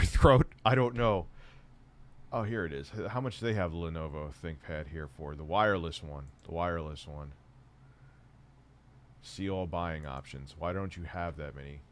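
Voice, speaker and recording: Middle aged dude on a live stream, low smooth voice, rambly and sweary. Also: male voice. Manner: rambling, profane, reads chat aloud while shopping. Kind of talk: casual live stream chat.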